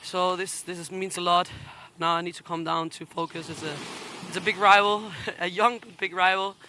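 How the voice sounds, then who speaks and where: Emotional woman rider, bright tense voice. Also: lowish voice, little pitch movement, a little hiss or hum. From Canary Islands. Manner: halting, apologetic, laughing through nerves. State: emotional, close to tears. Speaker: competing athlete interviewed. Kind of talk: post-heat interview.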